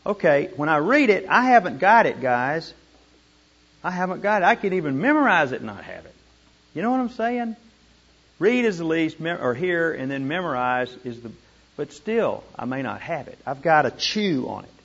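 A man teaching a group how to study scripture, animated and repeating words for emphasis. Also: a little high, normal speed, breathy edge. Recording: dull lo-fi room recording.

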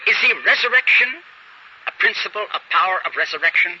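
A man's voice: high voice, expressive, fast talker, sharp tone. A man preaching a sermon, telling a story and acting out the characters' dialogue, on a dull lo-fi recording with faint hiss.

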